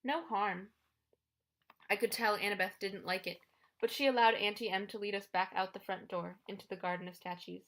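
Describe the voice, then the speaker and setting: A woman reading a first-person adventure audiobook in a steady storytelling voice. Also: medium pitch, quick pace. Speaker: audiobook narrator.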